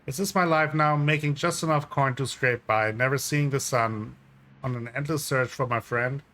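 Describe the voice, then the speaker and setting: A man's voice: mid-range voice, moderate pace, sharp tone, close to an everyday voice. A man reading the lines of a weary, wry female cab driver in a game, in a reflective inner-monologue manner. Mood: wistful. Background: game music.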